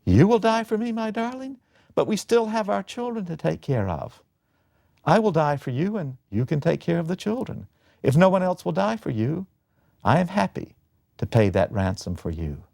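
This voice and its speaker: A man's voice: high voice, big pitch swings, moderate pace, creaky, a little mellow, no room sound, clean studio sound, voice pushed up, full character voice. A man voicing a noble, devoted young wife in a retold ancient Greek tragedy, speaking tenderly and earnestly.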